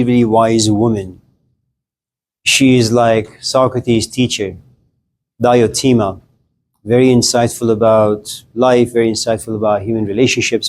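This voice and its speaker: A man's voice: medium pitch, a little mellow, slight background noise. A male lecturer with a mid-range voice talks to his class in a loose, conversational way. He jokes and asks students questions as he tells a story. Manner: conversational, joking, addresses the class directly.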